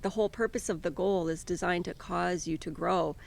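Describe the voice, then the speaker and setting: Woman co-host, life coach, earnest and encouraging, fry-heavy gravelly voice. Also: fairly low pitch, brisk. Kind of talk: casual conversational podcast.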